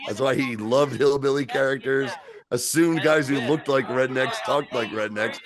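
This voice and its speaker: A man's voice: mid-range voice, normal speed, a crowd in the background. A man co-hosting a casual online show, telling loose, joking stories over a video call. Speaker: podcast co-host. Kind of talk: casual chat.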